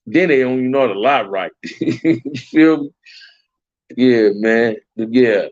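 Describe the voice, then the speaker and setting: A man's voice: mid-range voice, takes it slowly, a little mellow, no echo. Slangy Los man streaming live. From Compton, Los Angeles. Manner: loose, slangy, repeats phrases. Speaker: livestream host. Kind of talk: casual livestream chat with viewers. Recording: dull, dry lo-fi stream audio.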